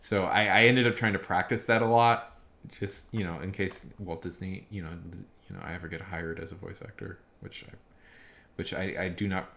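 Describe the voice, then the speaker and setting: A man's voice: low voice, steady tone, normal speed, creaky, fairly bright tone. Rambling male streamer. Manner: rambling, with many restarts and chuckles. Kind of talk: casual live-stream chat.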